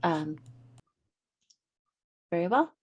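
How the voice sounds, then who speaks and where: A woman speaking in character at a tabletop game, slow and halting with many ums. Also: fairly low pitch, sing-song, slightly rough, highs cut off. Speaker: player.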